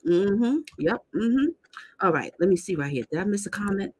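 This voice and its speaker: Husky-voiced woman hosting a live stream. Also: on the low side, animated, brisk. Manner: indignant, lecturing, talks straight to viewers. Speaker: host of a live commentary stream. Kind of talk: casual live commentary, reading viewer comments.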